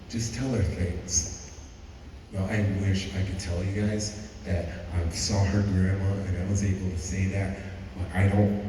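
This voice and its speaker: A man tells stories at a school assembly in an earnest, repetitive way, his mellow voice ringing around a huge gym. The mic sits far back, catching a long reverb and faint room ambience. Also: sits low, slight background noise. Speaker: motivational speaker. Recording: echoey gym heard from far off.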